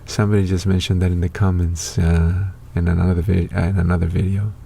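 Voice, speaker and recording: A man's voice: low-pitched, little pitch movement, a little fast, creaky, mellow, slight background noise. A middle-aged man hosting his own show, talking in a loose, rambling monologue full of fillers and restarts. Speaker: online show host. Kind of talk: casual spoken monologue.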